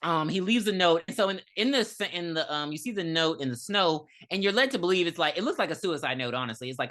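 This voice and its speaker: A woman co-hosting a podcast, recapping a film in an animated, profane, storytelling way. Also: lowish voice, quick pace, few pauses. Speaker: podcast co-host. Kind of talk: casual movie review chat.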